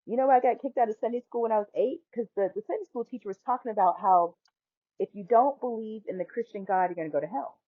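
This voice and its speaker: A woman in her forties hosting a podcast, telling a story in a lively way and acting out the voices she quotes. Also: fairly high pitch, quick pace, no room sound. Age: 40s. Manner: animated, acts out quoted voices, laughs often. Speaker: podcast host. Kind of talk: storytelling monologue. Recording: dry, phone-like line.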